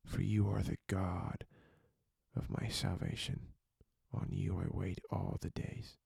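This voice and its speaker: A man delivers a devotional sermon in a very low, gravelly voice. He talks slowly and softly, drifting often into whispers. The recording is close and dry, with no room sound. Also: level tone, dry recording. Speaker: preacher.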